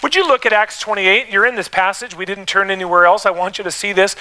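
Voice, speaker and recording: A man's voice: high voice, fast talker, hardly any pauses, sharp tone, clear, resonant tone, low-quality recording. A man pastor preaching a sermon in a church, calling out questions to the congregation and building emphasis. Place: church sanctuary.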